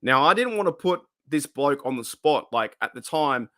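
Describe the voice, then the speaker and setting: Hosting a live podcast, a middle-aged Australian man tells a long, meandering story full of slang, false starts and laughs. His fairly high voice is sharp and expressive at a moderate pace, captured in a dry, clean studio recording.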